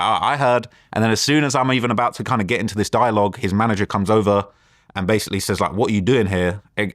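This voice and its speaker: A young man, telling a story as an interview guest, lively and full of quoted dialogue and fillers. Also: mid-range voice, no room sound, studio quality.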